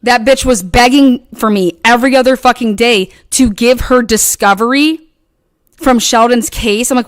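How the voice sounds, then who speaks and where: A woman hosting her own channel delivers an angry livestream rant, heated, profane and combative, aimed at her critics. Her voice is a little high, she talks at a normal speed, and the recording is dry.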